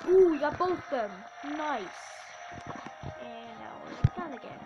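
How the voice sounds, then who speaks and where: High-voiced excitable woman playing games. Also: unhurried, vocal fry, dull audio, heavy background noise. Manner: excitable, lots of oohs and little cheers. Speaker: let's play host. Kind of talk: casual gameplay commentary. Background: game music.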